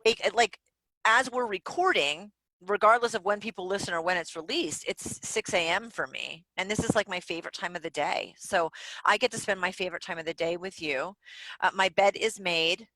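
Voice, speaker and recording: A woman guest on a podcast, telling stories in a candid, animated way and swearing freely. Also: medium pitch, moderate pace, no room sound, poor audio. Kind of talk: casual interview chat. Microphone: home recording setup.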